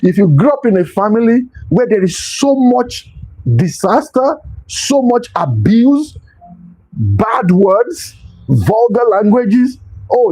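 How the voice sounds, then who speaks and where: A man's voice: high-pitched, warm tone, breathy edge, rough recording. A man giving a motivational talk as host, stressing points by repeating them. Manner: emphatic, repeats key phrases.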